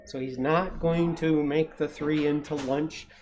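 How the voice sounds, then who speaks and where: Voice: medium pitch, fairly even intonation, a little slow, crowd noise. A storytime reader, reading a picture book aloud to children with playful asides. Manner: playful, with asides to young listeners.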